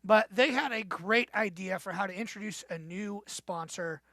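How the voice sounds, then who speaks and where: A man narrating a recap of radio show highlights, his voice bright and clear. He introduces each clip in a dry, matter-of-fact way. The recording is close and dry. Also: normal speed, dry recording. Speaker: recap host.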